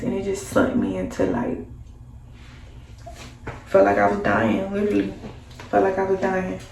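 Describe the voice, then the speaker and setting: A woman's voice: mid-range voice, creaky. A woman telling a story in a casual, slangy way, acting out the voices of the people in it. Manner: animated, slangy, acts out voices. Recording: echoey room, mic at a distance, faint background hum.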